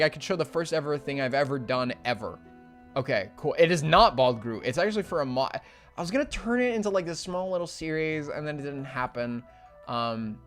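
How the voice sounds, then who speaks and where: A young man streaming casually as an animator, rambling with fillers and swinging from low mumbles to loud, excited yelps. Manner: rambling with many fillers and restarts. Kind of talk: casual livestream chat. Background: faint music.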